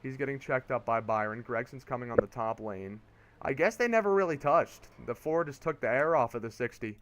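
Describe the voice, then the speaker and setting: Young man, streamer, excitable play-by-play, smooth clear voice. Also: medium pitch, a little fast. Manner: excitable, rises to shouting on restarts. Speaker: streamer and race commentator. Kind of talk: casual play-by-play commentary.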